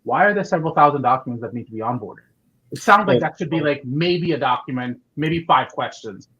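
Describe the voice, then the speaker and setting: A man's voice: mid-range voice, animated, a little fast, sharp tone, muffled recording. A man hosting a casual interview podcast, talking in an upbeat way with many fillers and restarts. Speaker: podcast host.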